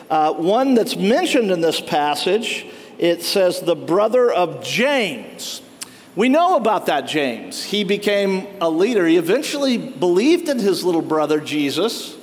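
A man preaching a sermon as pastor, telling stories and acting out the lines of quoted townspeople. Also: sits high. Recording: long reverb of a hall.

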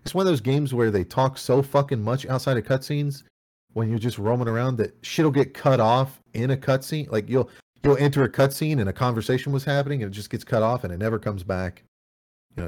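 A man's voice: on the low side, a little fast, darkish tone. A man co-hosting an audio podcast, reviewing a video game in a casual, rambling way, swearing often and restarting his sentences. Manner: rambling, profane, with many restarts. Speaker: podcast co-host.

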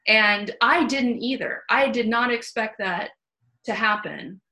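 A woman hosting a casual, candid conversation, telling stories in an animated way with the odd swear word. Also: a little high, a little slow, rough recording. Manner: animated, candid, salty storytelling. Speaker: host. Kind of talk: casual chat.

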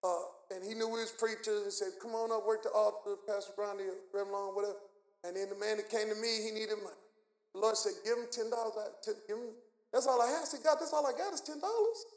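Preacher guy with a really high voice, telling his story all animated, lots of echo around him. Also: fast. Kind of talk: sermon testimony. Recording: echoey room.

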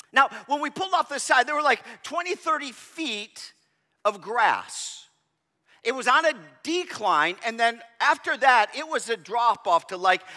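A pastor telling a personal story in a sermon, animated, swinging from shouting to hushed. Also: male voice, extremely high pitch, in a large hall.

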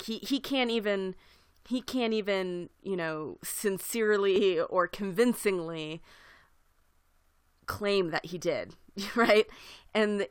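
A woman's voice: mid-range voice, clear, resonant tone, no room sound, studio quality. A young woman co-hosting a podcast, talking reflectively in casual chat and hedging with fillers. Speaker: podcast co-host.

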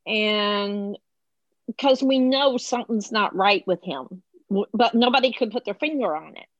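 A woman's voice: mid-range voice, measured pace, no echo, dull audio. Middle-aged woman telling a painful story. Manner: acts out quoted voices while telling the story. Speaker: podcast guest. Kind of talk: emotional personal storytelling.

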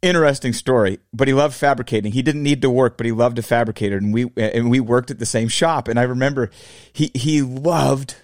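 A man's voice: medium pitch, fairly quick, dry recording, clean studio sound. A man in his forties hosting his own podcast, talking reflectively in a casual solo monologue and addressing listeners as fellow fabricators. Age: 40s. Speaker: podcast host.

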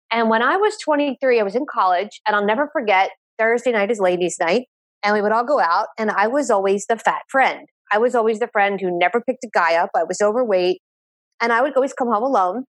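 A woman addiction therapist, guest on an interview podcast, telling her own story in an animated way and repeating phrases for emphasis. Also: fairly high pitch, brisk, no echo. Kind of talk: conversational interview.

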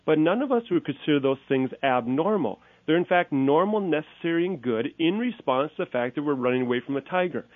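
Male guest expert from Minnesota, mid-pitched, folksy and emphatic; thin phone-like sound, dry. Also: expressive, a little fast, hardly any pauses, no room sound. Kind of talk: talk show interview. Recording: tinny phone-like line.

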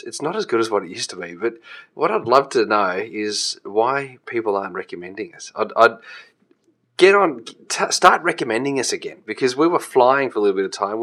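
A man's voice: fairly low pitch, sharp tone. A man co-hosting a podcast, talkative, teasing and enthusiastic. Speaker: podcast co-host. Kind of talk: casual podcast chat.

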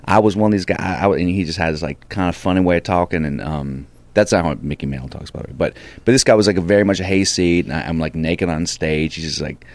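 A man with a very low voice tells a show-business story in a casual interview, slipping into voices for the people he quotes. He restarts often and builds to punchlines. The sound is dry and close. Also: fast, few pauses, dry recording. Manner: animated anecdote-telling with quoted voices and restarts. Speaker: guest comedian and actor.

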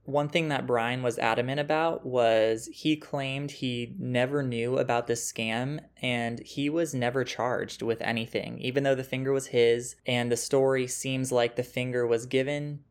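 A man's voice: medium pitch, steady tone, a little slow, few pauses, clear, resonant tone. Man casually narrating a true crime story. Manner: conversational, thinks aloud with asides and restarts; reads quotes from news articles. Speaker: true crime podcast host.

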